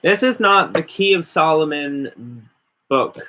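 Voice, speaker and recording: A man's voice: on the high side, animated, takes it slowly, pushed and bright, slight background noise. A man hosting a casual, rambling chat while stoned, often mock-quoting other people. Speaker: host.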